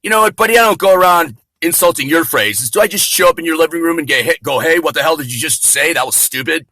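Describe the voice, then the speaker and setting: A man doing a smug self-made man who blusters and gets indignant when pushed. The voice sits fairly high and sounds bright and forceful. It is close and dry. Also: lively intonation, fast, no echo.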